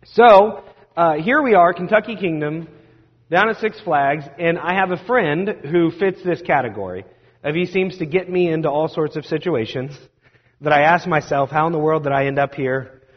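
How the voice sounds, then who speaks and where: A man preaching a sermon, telling a self-deprecating personal story in a lively way. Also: a little high, moderate pace. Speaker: pastor. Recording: dull sound with long hall reverb.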